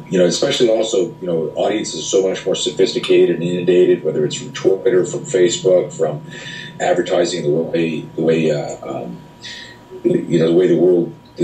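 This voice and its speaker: A middle-aged man, a self-defense instructor, telling stories in an interview, animated and blunt with some swearing, acting out the people he quotes. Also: low voice. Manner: animated, profane, acts out quoted voices. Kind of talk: casual interview storytelling. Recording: roomy echo, speaker off-mic, faint noise.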